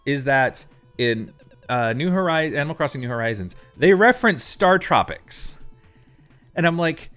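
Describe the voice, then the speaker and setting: A male streamer talks over a game with a lively voice that jumps up and down in pitch as he rambles and laughs. Faint game music plays underneath his casual live-stream chatter. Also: normal speed. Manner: excitable, rambling, laughs often.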